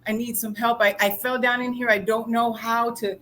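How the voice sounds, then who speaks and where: A man's voice: very high voice, little pitch movement, normal speed, pushed and bright. A woman voicing a panicked man stuck in a manhole, pleading frantically for help.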